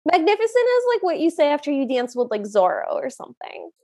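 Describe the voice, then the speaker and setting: A woman's voice: sits high, big pitch swings, fast, darkish tone. A woman co-hosting a podcast, chatting in an opinionated way about a film and stretching words out for emphasis. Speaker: podcast co-host. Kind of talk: casual chat recapping a film.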